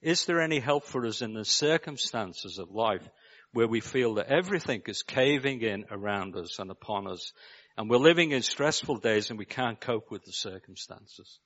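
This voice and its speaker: A man with a Scouse accent preaches in a low, measured voice, turning to his listeners with rhetorical questions. The recording is dull and lo-fi. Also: expressive, a bit bright. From Liverpool, England. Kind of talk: sermon.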